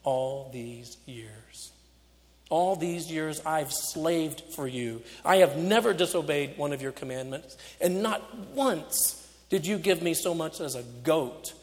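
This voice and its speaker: A man preaching, acting out a resentful older son who talks slowly through clenched teeth and drops to a whisper. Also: a little high, animated. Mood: bitter. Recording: echoey hall.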